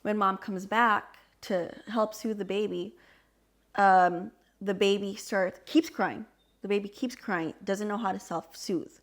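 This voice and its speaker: A young adult woman co-hosting a podcast, explaining a subject in casual chat with an animated, filler-heavy way of talking. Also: medium pitch, measured pace. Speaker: podcast co-host.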